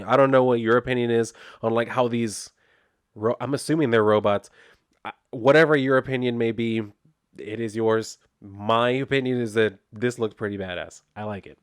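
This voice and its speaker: A man's voice: medium pitch, clean tone, dry recording, studio quality. A man casually reviewing a comic book, retelling it in a loose, chatty way with lots of "like". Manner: chatty, laid-back, heavy use of "like", loose retelling.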